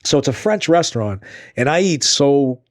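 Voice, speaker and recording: A man's voice: medium pitch, lively intonation, normal speed, no room sound, clean studio sound. A man hosting a podcast, telling stories animatedly, swearing and acting out quotes. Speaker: podcast host. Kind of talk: casual storytelling interview.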